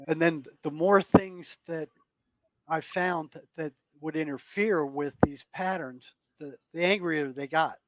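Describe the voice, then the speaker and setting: A man's voice: on the high side, no room sound. Earnest male storyteller, dry close sound. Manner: earnest, halting, repeats words while recounting. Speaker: podcast guest. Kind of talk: storytelling in conversation.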